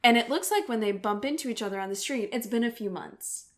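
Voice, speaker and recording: A woman's voice: fairly high pitch, brisk. A woman co-hosting a podcast, laying out her theory about a TV show in a casual, reasoned way and correcting herself as she goes. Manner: reasoned, thinks aloud with self-corrections. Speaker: podcast co-host. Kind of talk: casual TV discussion.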